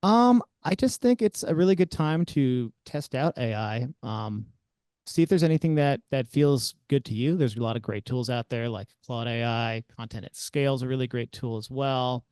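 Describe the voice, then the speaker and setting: A man's voice: medium pitch, animated, moderate pace, darkish tone, smooth, no echo. Hesitant man giving interview answers. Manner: thoughtful, with hesitant fillers. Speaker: guest expert.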